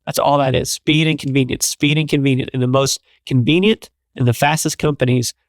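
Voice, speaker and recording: A man guesting on an interview show, telling stories in an energetic, repetitive, casual way. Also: medium pitch, fairly quick, no echo, studio quality. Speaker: guest, business executive.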